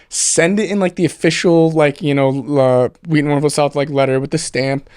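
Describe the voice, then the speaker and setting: A man's voice: a little high, clear, resonant tone, no echo, studio quality. A young man, a podcast guest, telling a long story in casual chat, full of fillers and swearing. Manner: rambling storyteller, swears freely, many fillers.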